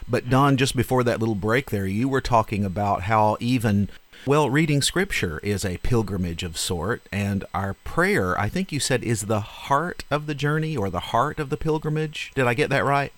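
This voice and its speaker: A man hosting a radio interview, unhurried and affirming, a little halting as he frames his questions. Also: mid-range voice, expressive. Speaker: radio show host.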